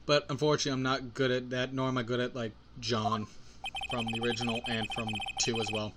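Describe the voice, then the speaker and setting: A man's voice: medium pitch, level tone, quick pace, noisy background. Rambling man commenting on a game. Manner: rambling, joking asides. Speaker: gameplay host. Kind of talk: casual gameplay commentary. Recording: game music playing behind.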